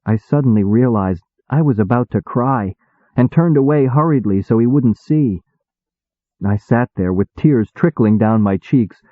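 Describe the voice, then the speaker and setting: A man reading first-person audiobook narration in a measured, wry manner. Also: medium pitch, no room sound. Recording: tinny phone-like dry sound.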